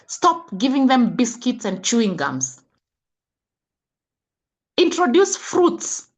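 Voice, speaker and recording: This is a middle-aged woman with a Kenyan accent, speaking as a health coach. She lectures parents in a preachy, scolding way and fires off rhetorical questions. Her voice sits a little high and leaps around with lively, animated pitch. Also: takes it slowly, husky. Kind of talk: impassioned talk.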